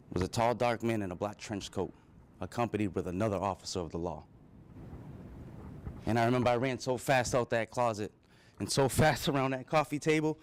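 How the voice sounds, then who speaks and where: A man's voice: medium pitch, slight background noise. A man speaking to a live audience, telling his own childhood story with earnest emotion. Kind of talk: personal storytelling speech.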